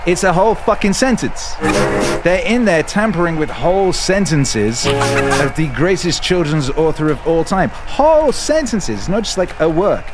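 A man hosting a stream, ranting sarcastically and swearing, now and then putting on squeaky mocking voices. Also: animated, normal speed. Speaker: stream host. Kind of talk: casual ranting stream talk. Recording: loud music behind the voice.

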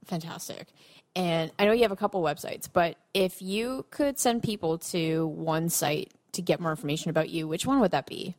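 A woman with a fairly low voice hosts a podcast interview. She talks in a friendly, chatty way. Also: moderate pace, a little mellow. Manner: friendly, chatty, laughs along. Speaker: podcast host. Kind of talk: casual interview chat.

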